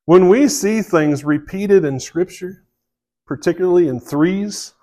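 A man's voice: high-pitched, a little slow, warm tone, poor audio. A man preaching a sermon in a conversational way, often checking in with his listeners and reading scripture aloud with rising emphasis. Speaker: pastor.

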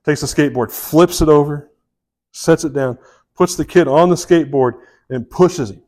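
A man delivers a sermon. His voice sits a bit high for a man, and he talks in a casual, folksy way, breaking off into asides and restarts. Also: normal speed, darkish tone. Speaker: pastor.

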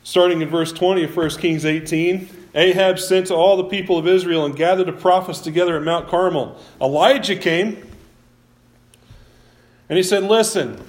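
Male preacher, slightly high voice, animated casual storytelling sermon. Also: normal speed. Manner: lively storytelling, acting out biblical quotes; casual, conversational asides.

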